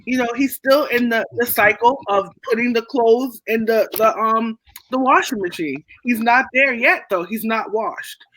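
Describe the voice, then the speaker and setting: A woman's voice: a little high, unhurried, fairly bright tone. A woman co-hosting a sports podcast, arguing her picks assertively and holding the floor in casual debate. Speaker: podcast co-host.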